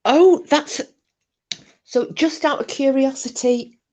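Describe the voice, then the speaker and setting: This woman's voice sits high and is mellow, and she takes things slowly. She hosts a casual livestream, reading comments aloud, chatty and sweary, with easy laughter.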